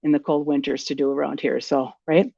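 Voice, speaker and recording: A woman's voice: low-pitched, level tone, brisk, gravelly, dark tone, husky, dry recording. Woman, Minnesotan accent, podcast guest, friendly chatty talk, dry slightly dull sound. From Minnesota, USA. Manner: friendly, chatty, with frequent fillers and restarts. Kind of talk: casual interview chat.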